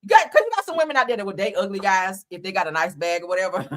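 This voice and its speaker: A woman's voice: mid-range voice, expressive, fast talker. A woman host giving blunt, profane gossip commentary, laughing often as she talks.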